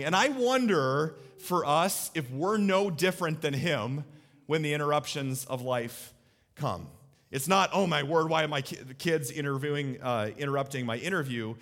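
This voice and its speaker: A man preaching a sermon as pastor, animated and acting out little voices for emphasis. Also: a little high, moderate pace.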